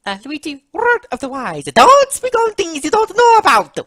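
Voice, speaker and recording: A woman puts on a high, shrill Mario who nags and scolds his brother during gameplay commentary. The voice is pitched far above the performer's own and jumps around restlessly. It is recorded in a dry, close setting. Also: big pitch swings, normal speed, bright, forceful tone, no echo, full character voice. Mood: shouting. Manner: bossy, scolding, shrill nagging. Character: Mario, bossy nagging older plumber brother. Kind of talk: let's play commentary in character.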